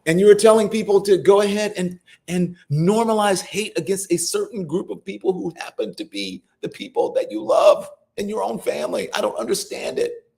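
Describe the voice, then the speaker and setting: A middle-aged male host delivering live political commentary with a lively, swooping delivery. His pitch sits a little above average for a man. He scolds and sounds incredulous, cursing freely as he presses his points. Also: moderate pace, gravelly, few pauses.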